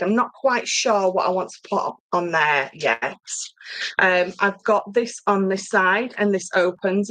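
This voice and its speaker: A middle-aged woman hosting a casual livestream from her craft room, rambling warmly and reading out viewer comments. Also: lowish voice, no room sound, poor audio. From England. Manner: chatty, rambling, reads viewer comments aloud. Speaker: papercraft host.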